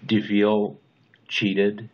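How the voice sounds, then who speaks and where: A middle-aged man gently asking brief questions in a personal interview. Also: on the low side, monotone, drawn-out words. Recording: dull lo-fi recording.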